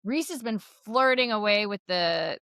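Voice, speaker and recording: A woman's voice: medium pitch, lively intonation, a little slow, gravelly, fairly bright tone, clear, resonant tone, no room sound, clean studio sound. A woman co-hosting a podcast, casually retelling a novel's plot in a rambling way, full of "like" and quoted lines. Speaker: podcast co-host. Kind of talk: casual book recap chat.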